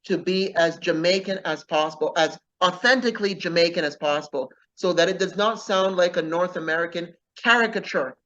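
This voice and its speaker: A man's voice: high voice, brisk, few pauses, a bit bright, lo-fi sound. A man being interviewed as an author, talking earnestly and often tagging his points with "okay?". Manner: earnest, keeps adding "okay?" as a tag. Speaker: author guest. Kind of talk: casual interview talk.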